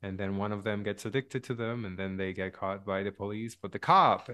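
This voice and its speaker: A man walks through a movie plot in a loose, rambling way, with lots of pauses and fillers. He sounds hesitant and casual, with a voice in the middle range. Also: on the low side, pushed and bright. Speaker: podcast co-host. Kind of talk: casual movie review chat.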